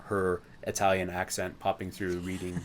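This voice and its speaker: Low-voiced man, rambling movie talk. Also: monotone, normal speed, slight background noise. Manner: rambling, self-interrupting, nerdy. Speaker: podcast co-host. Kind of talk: casual chat, film review.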